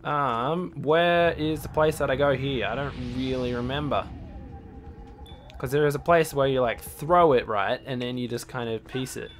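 A young man in casual let's play commentary, swearing a lot and bursting into yells at enemies. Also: medium pitch, moderate pace. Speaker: gaming channel host. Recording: faint game music behind.

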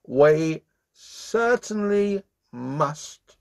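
A man's voice: fairly high pitch, lively intonation, very slow, creaky, voice pushed up, heavily acted. A man voicing an eager male rooster who earnestly agrees with everything in a children's story. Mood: agreeing.

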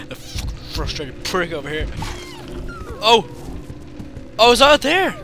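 A man giving casual gameplay commentary, excitable and foul-mouthed, cooing at the game's creatures and yelping at sudden scares. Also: sits high, unhurried, long pauses. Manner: excitable, swears freely, baby-talks to game creatures, sudden yelps. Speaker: gaming channel host. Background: game music.

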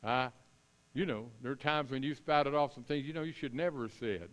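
A middle-aged man preaching a sermon as pastor, chatting with the congregation, then reading scripture loudly and with emphasis. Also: medium pitch, a little fast.

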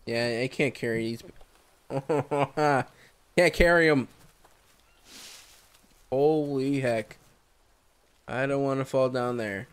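Dude narrating his survival game, slow and easy, goes oh hell no at stuff. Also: medium pitch, steady tone, clean tone. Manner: casual, exclaims at surprises. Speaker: gameplay commentator. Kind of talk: solo gameplay commentary.

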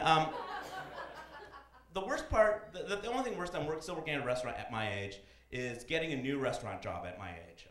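A man in his thirties performing a stand-up comedy set on a club stage, animated and slipping into loud voices for his characters. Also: medium pitch. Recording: echoey club room.

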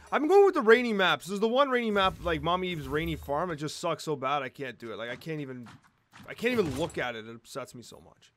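A young man hosting a live game stream, giving energetic, chatty commentary and often repeating himself. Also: sits high. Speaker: streamer and host.

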